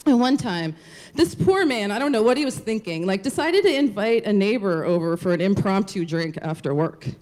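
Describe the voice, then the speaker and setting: A woman's voice: mid-range voice, lively intonation, normal speed, a little mellow. A woman telling a personal story on stage at a live storytelling show, candid and casual, swearing and saying "like" a lot. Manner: candid, profane, lots of "like".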